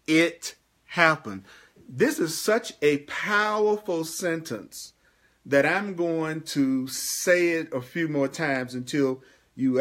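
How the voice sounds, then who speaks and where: A man teaching a spiritual class on a livestream, emphatic and slow when he repeats key lines. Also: fairly high pitch, fairly bright tone. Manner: bursts into exuberant whoops and playful sounds. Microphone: webcam or phone livestream.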